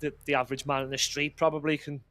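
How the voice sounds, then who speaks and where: A man's voice: on the high side, flat delivery, quick pace, a bit bright. A man co-hosting a casual political chat, talking bluntly and swearing as he rambles. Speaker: podcast co-host.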